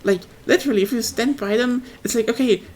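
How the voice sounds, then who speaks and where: A woman's voice: on the high side, quick pace, a little mellow, a little hiss or hum. A woman streamer, not a native English speaker, chatting casually on a livestream in a rambling, swearing, self-mocking way.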